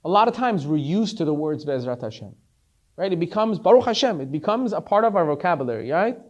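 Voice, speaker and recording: A rabbi teaching a class, a man telling a story in an animated way and acting out each character, repeating words as he gets excited. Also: a little high, quick pace, dull audio. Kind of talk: storytelling Torah lesson.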